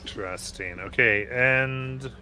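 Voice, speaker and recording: A man's voice: medium pitch, slow, music in the background. A man acting as game master, calling for saves and narrating turns in a tabletop game.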